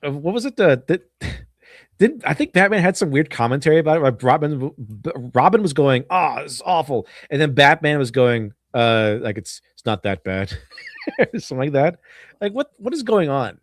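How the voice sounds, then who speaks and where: A man's voice: a little high, very animated, moderate pace, no echo, clean studio sound. A man chatting casually as a podcast host, rambling with frequent restarts and laughter. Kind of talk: casual chat.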